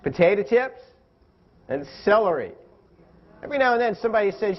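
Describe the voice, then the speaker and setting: A man's voice: high-pitched, sing-song, fairly quick, pauses often, lo-fi sound. A man giving a live health lecture with props, playful and often quizzing his audience. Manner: playful, asks the audience questions. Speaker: physician assistant lecturer.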